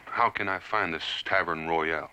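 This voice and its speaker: Easygoing frontier hero, low, bright-toned voice. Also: male voice, moderate pace, clear, resonant tone, rough recording. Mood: searching.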